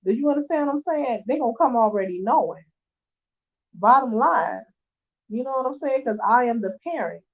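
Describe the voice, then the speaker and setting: A woman's voice: on the high side, expressive, moderate pace. Emphatic middle-aged woman, dull lo-fi. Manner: emphatic, conversational, keeps asking "you know what I'm saying". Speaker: early-childhood teacher. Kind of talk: casual talk to camera. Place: resting in her bed at home.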